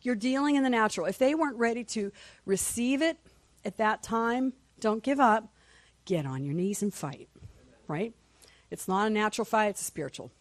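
Woman Sunday school teacher, lively swooping pitch, dry close sound, passionate. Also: moderate pace, dry recording. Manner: passionate, animated, reads scripture aloud. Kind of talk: church teaching. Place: church.

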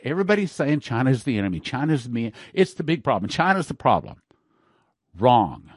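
The host of a prophecy broadcast preaches with fervent emphasis, his pitch leaping and dropping as he drives each point home and repeats key words for force, between ad reads. The sound is close and dry, with no echo or room around him.

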